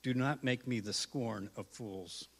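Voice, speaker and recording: A man reading a psalm aloud in a measured, solemn way. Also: mid-range voice, husky, big-room sound. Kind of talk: scripture reading.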